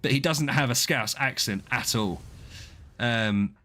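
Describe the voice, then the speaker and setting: A man's voice: medium pitch, a little slow, sharp tone. A man, chatting casually with viewers on a game stream, rambling and swearing as he answers them. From southeast England.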